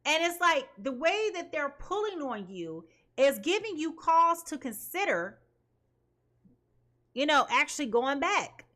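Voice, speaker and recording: A woman's voice: high-pitched, big pitch swings, a little slow, a bit bright. A woman reading tarot for her viewers in an emphatic way, often checking in with "okay?". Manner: emphatic, keeps asking "okay?". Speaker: tarot reader.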